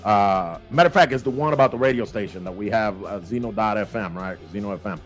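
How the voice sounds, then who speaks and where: A man hosts a relaxed livestream and calls out names with lively energy, slipping easily into Spanish phrases. Faint music plays underneath his voice. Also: fairly low pitch, fast talker. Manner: lively, shout-outs to viewers, mixes in Spanish phrases. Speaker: show host. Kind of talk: casual livestream chat.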